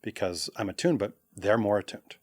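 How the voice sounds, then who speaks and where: A man with a fairly low voice talks through ideas in a relaxed, conversational way, often slipping into quick acted-out reactions. The recording is dry and close, with almost no room sound. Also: no echo. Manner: animated, acts out quoted reactions. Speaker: podcast guest, coach. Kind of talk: casual conversational interview.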